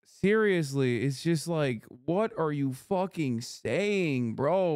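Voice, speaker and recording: A man's voice: a little high, lively intonation, slow, a little mellow, no room sound, studio quality. A man streaming, reacting to a debate video with profane, incredulous, sarcastic commentary.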